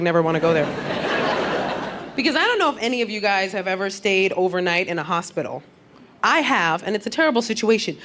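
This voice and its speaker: A woman comedian telling brash, animated, streetwise stories in a stand-up set on a club stage. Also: medium pitch, slight background noise. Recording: live club with loud audience.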